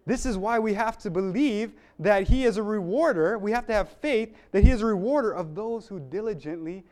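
A man's voice: high-pitched, a little fast, darkish tone. A man preaching a sermon in an earnest, building way, with fillers and restarts along the way.

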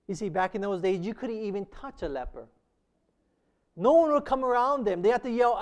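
High-voiced preacher man. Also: moderate pace. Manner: emphatic preaching with rhetorical questions. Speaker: pastor. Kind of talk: sermon.

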